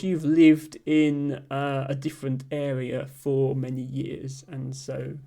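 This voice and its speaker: A man's voice: on the high side, dark tone. A man streaming live, reading out viewer comments and answering them in a thoughtful, rambling way with many ums and restarts. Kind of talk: casual live-stream chat.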